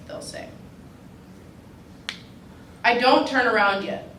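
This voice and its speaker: A woman's voice: mid-range voice, normal speed. Woman reading a wry personal essay, roomy and distant. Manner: dry, wry delivery that draws audience laughter. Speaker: fellow reading her own essay. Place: reading at a writers' retreat with a live audience. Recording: roomy, distant mic with background noise.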